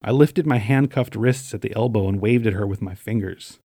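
A middle-aged man from Staten Island, New York, narrating his memoir in a dry, wry, deadpan way. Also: fairly low pitch, moderate pace, husky, no room sound.

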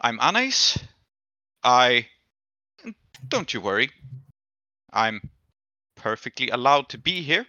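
A man's voice: medium pitch, very animated, normal speed, pauses often, sharp tone, dry recording, muffled recording, exaggerated voice. A man voicing a sly, sinister woman barkeep who speaks curtly and overcharges. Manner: curt, with a sinister undertone.

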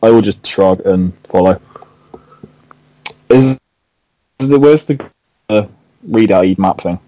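Player in a tabletop game, a man with a low, mellow voice, dry and matter-of-fact. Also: slow, no echo, poor audio. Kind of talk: casual tabletop game play.

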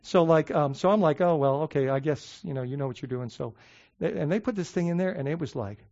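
A male pastor tells his story in a rambling, chatty way full of "like" and "um." His voice sits a little high for a man. When he reaches his main points he slows down and leans on each word, and the recording sounds a bit dull and lo-fi. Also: darkish tone. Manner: conversational storytelling with many fillers and restarts. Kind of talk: sermon.

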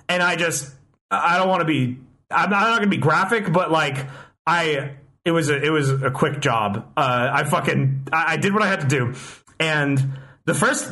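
A man's voice: a little high, bright, forceful tone. A young man telling a long story in casual chat, rambling with many restarts and frequent swearing.

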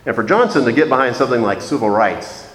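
A man of middling pitch delivers a measured, reflective sermon and slows down to stress his key points. His voice rings through a roomy church with a long, echoing tail. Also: lively intonation, fairly bright tone. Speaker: preacher. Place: church sanctuary. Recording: echoey church hall.

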